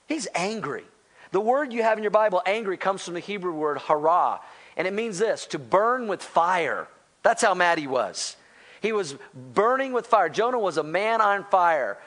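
A man preaching a sermon to a church congregation, animated and conversational, acting out quoted lines and asking the congregation for responses. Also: high-pitched, normal speed. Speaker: pastor.

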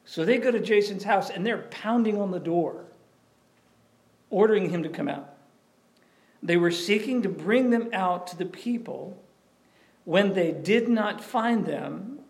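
A man preaching a sermon in a conversational, animated way, often asking questions of the audience. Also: sits high, unhurried, long pauses. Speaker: pastor.

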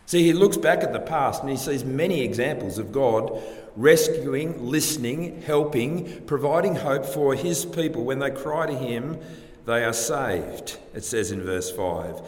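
A man preaches slowly and deliberately, leaning on rhetorical questions. His mid-pitched voice rings through a roomy church hall with a long reverb tail. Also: a little mellow. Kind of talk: sermon.

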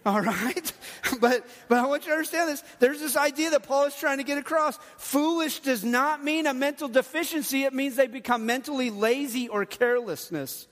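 A man's voice: extremely high pitch, normal speed, a bit bright. A middle-aged man, a pastor, preaching a sermon in an earnest, conversational way with touches of humor. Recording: long hall reverb.

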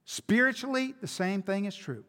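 Male preacher, high voice, emphatic sermon delivery, rhetorical questions, long hall reverb. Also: lively intonation, normal speed, a bit bright.

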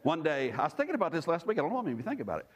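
A man's voice: on the high side, very fast. A man preaching a sermon as a pastor, telling stories with chuckles and repeating phrases for emphasis. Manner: animated storytelling with chuckles and asides.

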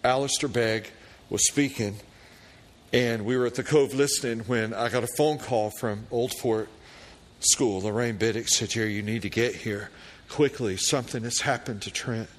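A man's voice: mid-range voice, fairly even intonation. A middle-aged man preaching a sermon as a pastor, reading scripture prayers with rising fervor and telling a personal story. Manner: slow, deliberate preaching that rises to fervent loud prayer readings.

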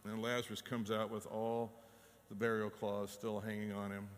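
A man's voice: on the low side, level tone, normal speed, in a large hall. A man, preaching a conversational sermon and acting out voices as he tells the story. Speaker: pastor.

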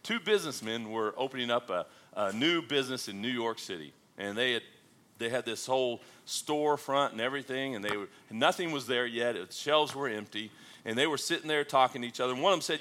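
A man's voice: medium pitch, fairly quick, pushed and bright. A man preaching a sermon, folksy and humorous, with chuckles and joke stories. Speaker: pastor. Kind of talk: sermon with jokes.

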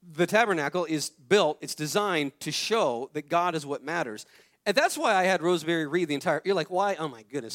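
A man's voice: high voice, a bit bright. A man in his thirties preaching a conversational sermon, telling family stories and repeating phrases for emphasis. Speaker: pastor.

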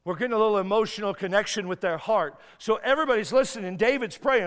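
A man's voice: sits high, fast talker, few pauses, a bit bright, clear, resonant tone. A man preaching a sermon with emphatic repetition, now and then acting out a prayer. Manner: emphatic, repeats words and restarts, acts out prayers. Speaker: guest preacher. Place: church sanctuary. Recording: long hall reverb.

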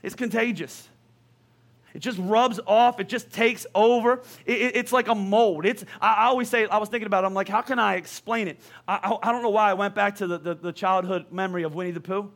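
A male pastor preaching a sermon in a lively, conversational way, full of questions to the congregation. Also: high-pitched, fast, few pauses.

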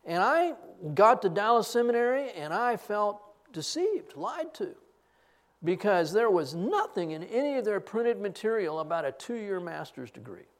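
A man's voice: high-pitched, big pitch swings, moderate pace. A middle-aged man preaching a sermon, telling a story and acting out both sides of the remembered conversation. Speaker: pastor.

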